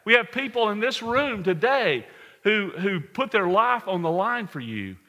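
Earnest American pastor in a reverberant hall. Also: male voice, high voice, sing-song, unhurried, bright, forceful tone, lo-fi sound. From United States. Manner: earnest, addresses congregation as folks, numbered points. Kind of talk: sermon. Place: large hall with congregation.

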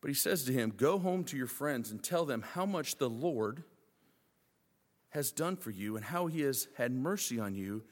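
Animated preacher man in a reverberant hall. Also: mid-range voice, moderate pace. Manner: acts out disciples' voices, joking asides. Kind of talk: animated sermon.

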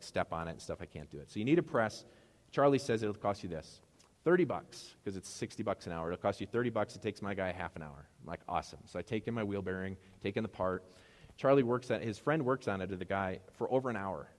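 A man preaching a sermon as a pastor, telling stories in a casual way and acting out the dialogue. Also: on the low side. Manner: casual storytelling, acts out dialogue. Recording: long hall reverb.

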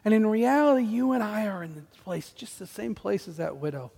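A man in his forties delivers a sermon with a light, high-pitched voice. He tells stories in an animated, self-deprecating way, and his words ring out with a long reverb across a church hall. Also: a little fast, gravelly, husky. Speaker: pastor.

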